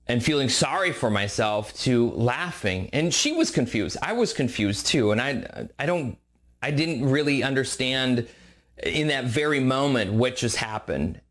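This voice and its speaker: Male podcast host, mid-pitched, candid and reflective storyteller. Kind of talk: personal storytelling monologue.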